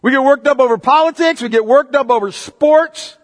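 A man preaching a sermon as pastor, swinging between quiet, low reflection and loud, excited exhortation. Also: brisk. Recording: long hall reverb.

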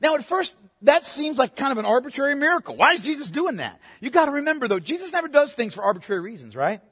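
A man delivers a sermon in a church, his voice unusually high for a man. He keeps it conversational, checking in with the congregation with "okay?" and "right?". A long reverb from the sanctuary trails after his words. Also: big pitch swings, fast, fairly bright tone. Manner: conversational preaching with frequent "okay?" check-ins. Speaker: pastor. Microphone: microphone.

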